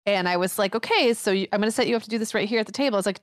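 A woman's voice: mid-range voice, rapid-fire, dry recording, studio quality. A woman in her thirties co-hosting a podcast, telling stories animatedly and laughing often. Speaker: podcast co-host. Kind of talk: casual chat.

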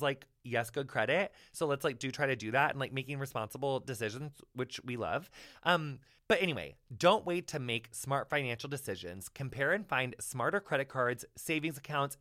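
A man's voice: medium pitch, sharp tone. A man in his thirties hosting a podcast in casual chat, effusive and gushing, calling people honey and saying like a lot. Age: 30s. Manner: effusive and gushing, calls listeners honey, heavy use of like. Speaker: podcast host.

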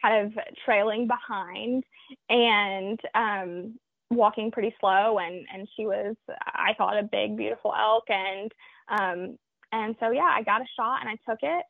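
A woman from Oklahoma, a guest telling a hunting story in an interview, reflective and halting with many fillers. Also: mid-range voice, vocal fry, no room sound. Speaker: guest hunter. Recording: tinny phone line.

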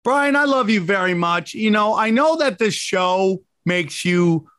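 A man's voice: sits high, lively intonation, measured pace, a bit bright, no room sound. A man co-hosting a comedy podcast, brash and teasing, laughing as he jokes crudely. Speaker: podcast co-host.

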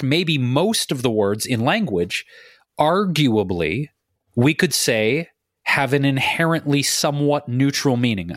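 A man's voice: mid-range voice, no echo. Emphatic man on a podcast, dry sound. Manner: animated, emphatic, acts out quoted reactions. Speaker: podcast co-host. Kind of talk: conversational podcast talk.

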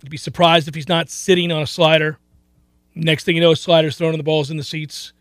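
A man hosting a sports radio show in a studio, telling stories in animated, exclaiming bursts. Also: fairly high pitch, brisk, dry recording. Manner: animated storytelling, rising to loud exclaiming. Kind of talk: casual sports radio chat. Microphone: studio mic.

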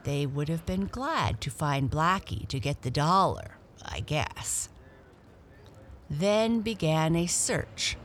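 A woman reading a children's storybook aloud in a gentle, expressive way. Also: low voice, slight background noise.

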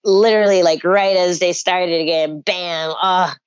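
A woman's voice: lowish voice, measured pace, clear, resonant tone, dry recording, highs cut off. A woman chatting casually on a video call, telling stories with lots of laughter. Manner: laughs often, animated storytelling. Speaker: guest fighter and analyst. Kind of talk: casual online chat.

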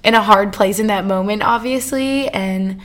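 A woman's voice: mid-range voice, moderate pace, a bit bright. A young woman in her twenties hosting a casual solo podcast, chatty and gushing, with lots of fillers. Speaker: podcast host.

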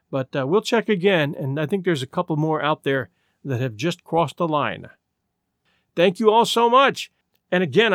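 A man narrating classic short stories for his podcast, reading in a measured, expressive way, then thanking listeners in a relaxed, friendly tone. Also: a little high, dry recording, clean studio sound. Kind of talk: storybook narration and podcast sign-off.

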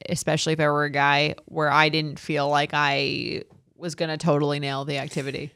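A woman's voice: low-pitched, little pitch movement, a little fast, fairly bright tone, smooth, no echo, studio quality. A woman in her thirties co-hosting a podcast, chatting casually and reading listener letters in a matter-of-fact way. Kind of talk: casual chat and reading aloud.

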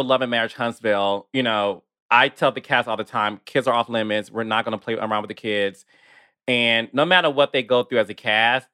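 A man hosting a podcast in casual chat, animated and emotional, often talking fast. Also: medium pitch, no echo, clean studio sound. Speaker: podcast host.

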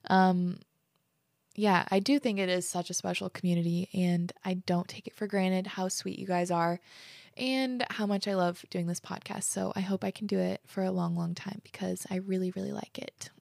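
A woman's voice: fairly low pitch, steady tone, normal speed, vocal fry, a little mellow, dry recording, clean studio sound. A woman hosting a podcast in casual chat, gushing and emotional, tearful as she reads listener letters. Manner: gushing, emotional, says "like" a lot. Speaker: podcast host.

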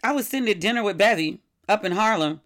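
A middle-aged woman hosting a podcast, chatting casually in a candid, wry, animated way. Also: medium pitch, fast. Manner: candid, wry and animated, with sudden quoted outbursts. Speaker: podcast host. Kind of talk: casual solo podcast chat.

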